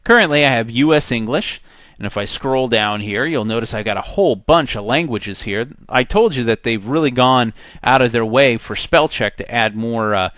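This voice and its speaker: A man teaching a software tutorial in a conversational, step-by-step way. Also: mid-range voice, normal speed, dry recording. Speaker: software instructor. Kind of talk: screen-recorded tutorial.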